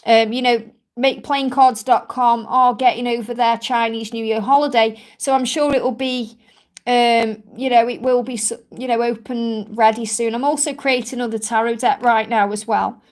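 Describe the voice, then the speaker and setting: Her voice sits on the high side, fairly even in intonation, moving at a moderate pace. A spiritual reader from England with a strong Stoke-on-Trent accent, she chats with and reassures viewers during a live stream Q&A, her talk full of "you know" fillers.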